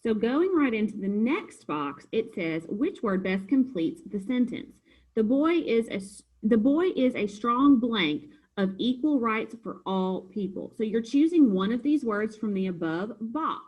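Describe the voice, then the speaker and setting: Patient teacher, female, slightly husky, explains homework answers one by one. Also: on the high side, animated, measured pace, darkish tone, poor audio. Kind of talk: recorded homework review lesson.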